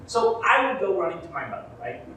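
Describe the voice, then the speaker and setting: A man from rural Arkansas telling a comic story live in a theatre, animated and shouting out the lines he quotes. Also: sits high, fast, a little hiss or hum. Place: theatre stage. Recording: echoey theatre from far off.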